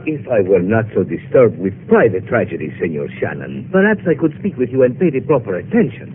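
Whiny spanish-accented dentist, melodramatic, voice jumping all over, tinny old radio. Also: male voice, fairly low pitch, big pitch swings, brisk, music in the background. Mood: fretful. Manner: melodramatic, broken English phrasing. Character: fretful middle-aged male dentist, self-pitying. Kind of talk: 1950s radio drama acting. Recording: narrow-band old radio broadcast with faint hiss.

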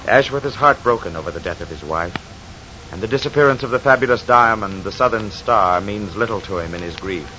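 A man narrating an old radio drama in a measured, dramatic way. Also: on the low side, animated. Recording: dull, noisy old radio recording.

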